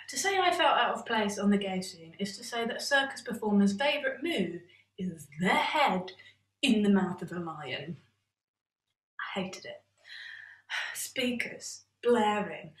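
A woman telling a stand-up story on stage, wry and deadpan with sighs and bursts of mock panic. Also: mid-range voice, moderate pace. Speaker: stand-up comedian. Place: stage in a cabaret venue. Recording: echoey room, mic at a distance.

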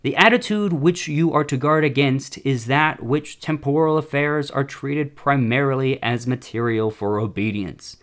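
A man's voice: medium pitch, normal speed, few pauses, fairly bright tone, pitched above the performer's own voice, lightly acted. A young man reading aloud the formal letters of a scheming elder male demon who advises a younger one.

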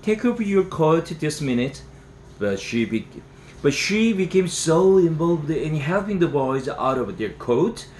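A man, native Korean speaker and English teacher, reading a novel aloud in a steady storybook manner. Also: mid-range voice. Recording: roomy room echo, faint hiss.

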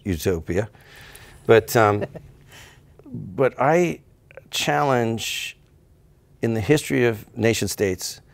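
A Canadian man in his fifties with a Canadian accent, chatting as an interview guest, animated and joking, slipping into mimicked voices. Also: lowish voice, vocal fry, no echo. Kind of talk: casual interview chat.

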